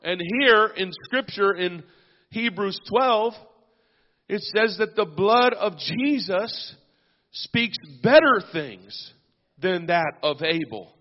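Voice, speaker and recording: A man with a high voice delivers a sermon at an unhurried pace, pausing on amens and hallelujahs. The sound is dull and lo-fi, with a long reverb trailing off the walls of a church. A pastor speaking to his congregation. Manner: preaching with frequent amens and hallelujahs. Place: church sanctuary.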